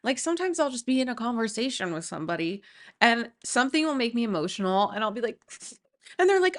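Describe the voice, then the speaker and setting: A woman's voice: fairly high pitch, fast talker. A woman guest in a casual podcast chat who talks animatedly, laughs often and acts out the people she describes. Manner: animated, giggly, acts out quotes.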